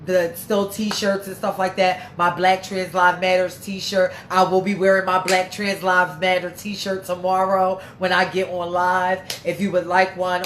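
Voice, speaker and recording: A woman's voice: on the low side, a bit bright, a little hiss or hum. Sassy, stuffy-nosed woman livestreaming. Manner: sassy, brash and swearing; chatty, reads viewer comments aloud. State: stuffy, congested. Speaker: livestream host. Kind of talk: casual livestream chat. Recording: echoey room.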